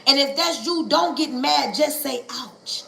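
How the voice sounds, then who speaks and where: High bright woman preaching on a livestream. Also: unhurried, vocal fry, roomy sound, low-quality recording. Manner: preachy, calls on listeners to "say ouch"; Southern Black church cadence, stretches words and rises to shouting. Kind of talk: livestream sermon.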